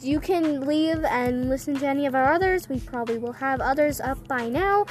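A young woman co-hosting a podcast, chatting casually with a friend, giggly and playful, with music behind. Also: high voice. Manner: giggly, playful, quick to apologize. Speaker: podcast co-host.

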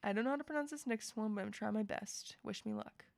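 A woman's voice: fairly high pitch, quick pace, gravelly, darkish tone, no echo. A woman co-hosting a casual chat podcast, running a playful quiz game with lots of laughs and jokes. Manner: playful, giggly, jokey quizmaster.

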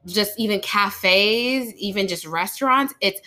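Woman, 30s, bright voice, animated, swearing, casual podcast co-host. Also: medium pitch, measured pace.

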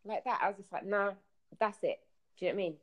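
Brief: woman, storytelling guest on a call-in podcast, animated, plays out dialogue. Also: mid-range voice, rapid-fire, breathy edge. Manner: animated storyteller, acts out quotes. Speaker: guest telling travel stories. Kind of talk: casual podcast chat.

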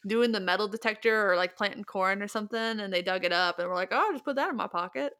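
A woman's voice: mid-range voice, fast talker, sharp tone, clean tone. Teasing young woman. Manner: teasing, playful. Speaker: podcast co-host. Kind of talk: casual podcast chat.

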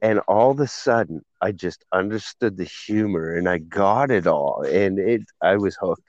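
Casting: low-voiced guy, giggly stoner banter, muffled dry recording. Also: animated, normal speed, no room sound. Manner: giggly, laughs often, rambling stoner banter. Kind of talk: casual chat. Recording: dull, muffled dry sound.

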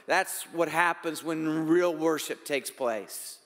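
A man preaching a sermon as pastor, shifting between emphatic raised lines and quiet asides. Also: a little high, takes it slowly, few pauses, big-room sound.

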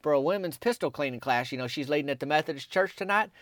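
A man voicing a worried young woman who runs a concession stand, speaking earnestly in a raised pitch with a Southern US lilt. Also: expressive, fast talker, a bit bright, no echo. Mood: fretful.

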